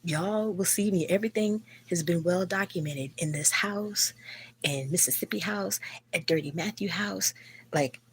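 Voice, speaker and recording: Low-voiced woman, sick with flu, blunt, profane, rambling phone live stream from home. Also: normal speed, slight background noise. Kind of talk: casual live stream venting. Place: at home at night.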